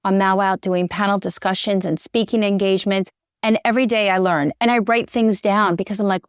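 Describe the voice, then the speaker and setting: A woman's voice: medium pitch, steady tone, fairly quick, clean tone, no echo, clean studio sound. A middle-aged woman, a journalist and interview guest, talking earnestly and getting choked up. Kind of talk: conversational interview.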